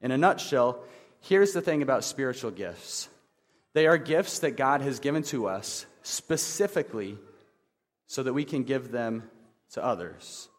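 Male pastor, 30s, easygoing humorous sermon, mid-pitched, long hall echo. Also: animated, measured pace. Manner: conversational, self-deprecating humor.

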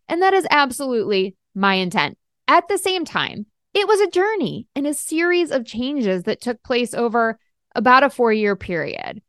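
A middle-aged woman hosting a coaching podcast, upbeat and emphatic, slowing down to stress key points. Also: fairly high pitch, fairly bright tone, no echo, studio quality. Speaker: podcast host and life coach. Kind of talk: podcast monologue.

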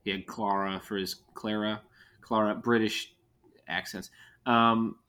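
A man co-hosting a podcast in casual chat, relaxed and a little hesitant. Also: fairly low pitch, measured pace, smooth. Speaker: podcast co-host.

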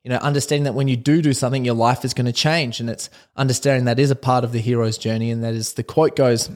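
Man, personal development coach hosting his own podcast; excitable, rambling delivery with a mid-range voice. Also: mid-range voice, fast, few pauses. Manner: excitable and rambling, with frequent restarts and laughs. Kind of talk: casual solo podcast monologue.

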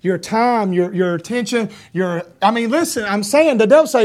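A man's voice: high voice, moderate pace. A man preaching a sermon, quoting King James scripture and building to fervent cries. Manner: animated preaching, reading scripture in King James wording, rising to shouts.

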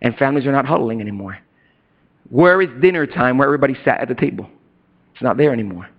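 A middle-aged man preaching a sermon as a pastor, chatty and casual, who swings from loud, high bursts to hushed, low asides. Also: animated, fast talker, slightly rough. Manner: casual slang and asides to the congregation. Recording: dull lo-fi recording.

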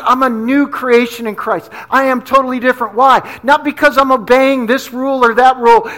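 A man's voice: extremely high pitch, a bit bright. A middle-aged man from New Jersey preaching a sermon in a conversational, storytelling way, often asking "right?". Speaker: pastor.

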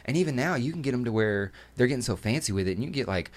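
A man chatting casually as a cosplayer guest, telling crude, joking stories in an animated way. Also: medium pitch, very fast. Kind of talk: casual storytelling chat.

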